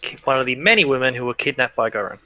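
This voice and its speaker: A man's voice: mid-range voice, expressive, very fast, bright, forceful tone, poor audio. A man narrating as game master in a tabletop role-playing game, easygoing and chatty, laughing often.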